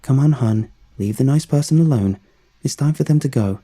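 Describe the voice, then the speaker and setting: A man's voice: mid-range voice, normal speed, dark tone, pitched above the performer's own voice, natural voice. A man voicing a sinister mother figure in a horror story, speaking in a sugary, soothing way. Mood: coaxing.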